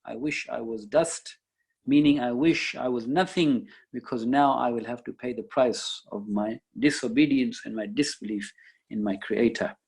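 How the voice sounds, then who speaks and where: A man's voice: medium pitch, moderate pace, gravelly, darkish tone, slightly rough, rough recording. A man teaching a Quran lesson, reciting verses and explaining each one in English. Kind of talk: Islamic study lecture.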